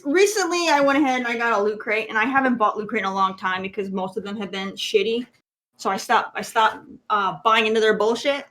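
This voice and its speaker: A woman with a high, sharp, bright voice, co-hosting a casual podcast. She rants in exasperation, swears constantly, and rises toward shouting as she builds. Her talk is loose and unscripted. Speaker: podcast co-host. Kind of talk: profane ranting unboxing chat.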